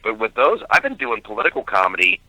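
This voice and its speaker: Bright-voiced male comedian guest. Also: on the low side, quick pace, no room sound, rough recording. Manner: animated, stammering restarts. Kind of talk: casual radio interview. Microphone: phone call.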